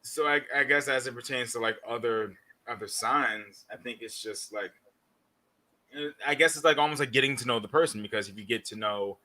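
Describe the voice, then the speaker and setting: A young man co-hosting a casual podcast talks in a loose, rambling way, full of fillers and dry sarcasm. His medium-pitched voice is brisk, bright and forceful.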